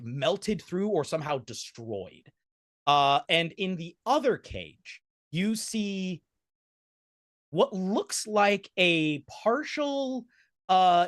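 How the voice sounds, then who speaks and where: A man's voice: high-pitched, a bit bright, no echo, studio quality. A man narrating a tabletop game as game master, rambling with restarts. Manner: rambling, full of fillers and restarts.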